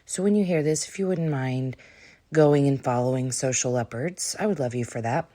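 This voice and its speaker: A woman's voice: a bass voice, moderate pace, dark tone. A woman hosting a podcast who is out of breath, talking casually in a rambling, self-deprecating way. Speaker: podcast host.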